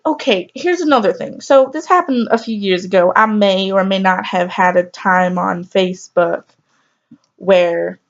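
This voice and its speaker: A woman vlogger telling a story casually to camera, candid, rambling and exasperated. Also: mid-range voice. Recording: slightly dull lo-fi audio.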